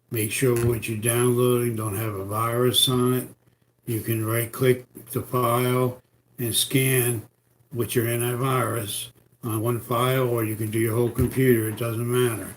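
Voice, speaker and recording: A man with a New York accent and a deep voice, giving rambling, repetitive computer security tips on a live stream. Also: level tone, a little slow, slight background noise. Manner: rambling, repetitive, folksy advice. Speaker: computer repair host. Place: home in Florida.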